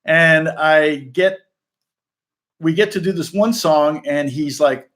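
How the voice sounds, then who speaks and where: A man with a fairly high voice talks at a normal pace, rambling casually as a session guitarist fielding viewer questions. His storytelling is loose and anecdotal, full of fillers and false starts, and he plays bits on the guitar between phrases, so guitar is heard in the background.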